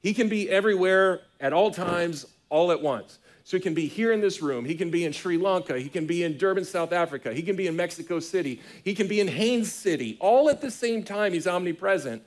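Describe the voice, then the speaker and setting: A middle-aged man preaching a sermon as pastor, talking in a conversational, animated storytelling way with frequent restarts. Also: sits high, a little fast, few pauses. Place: church sanctuary.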